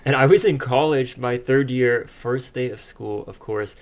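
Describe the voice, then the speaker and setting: A man's voice: mid-range voice, unhurried. A young man, a podcast co-host, telling a personal story in casual chat, laughing often as he talks.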